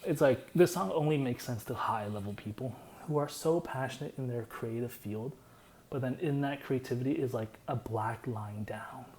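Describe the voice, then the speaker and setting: A man's voice: medium pitch, normal speed, darkish tone, low-quality recording. A young man casually explaining his own song in a loose, rambling way, full of "like" fillers.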